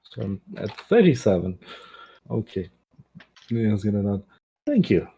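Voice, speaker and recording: Low husky guy playing a tabletop rpg, chill mellow voice. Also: expressive, unhurried. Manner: chatty, laughing easily. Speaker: tabletop game player. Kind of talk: casual game chat.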